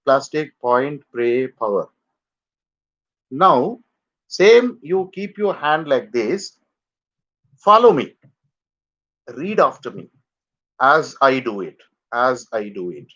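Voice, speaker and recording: A man teaching English pronunciation in a live online lesson, drilling words slowly for students to repeat. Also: mid-range voice, sing-song, a bit bright, highs cut off.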